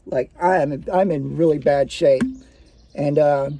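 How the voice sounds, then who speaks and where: A man with a high, mellow voice recounts a personal story. He talks casually and swears freely, stopping to restart his sentences and fill the gaps with "uh" and "like.". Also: unhurried, dry recording. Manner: casual, profane, full of fillers and restarts.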